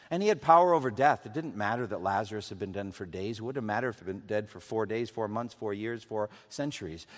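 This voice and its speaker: A man preaching a sermon earnestly, rising for emphasis and dropping to hushed tones. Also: lowish voice. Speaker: pastor. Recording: long hall reverb.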